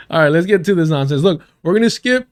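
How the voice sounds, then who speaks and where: A man's voice: fairly high pitch, clean tone. A man commenting on a live stream in a heated, sarcastic and profane way. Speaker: streamer reacting to a debate.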